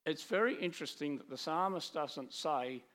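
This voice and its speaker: A middle-aged man preaching with slides, talking in a lively way with many restarts and acted quotes. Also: fairly high pitch, normal speed. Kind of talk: sermon with slides.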